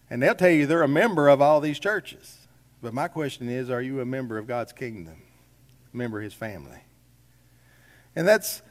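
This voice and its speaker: Male pastor, folksy conversational sermon, higher voice, long church-hall reverb. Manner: folksy, conversational preaching with rhetorical questions. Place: church sanctuary.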